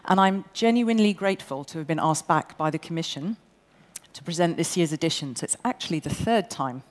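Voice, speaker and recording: Brisk, bossy woman, lowish voice, presenting an awards night, long hall reverb. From England. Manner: bossy, brisk and jokey with the audience. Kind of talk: live event presenting. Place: large indoor event venue.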